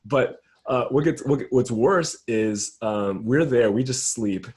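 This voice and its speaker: A man's voice: medium pitch, slow pace, a little mellow. A young adult man, a youth pastor, telling a story in a casual round-table chat, acting out the dialogue and laughing often.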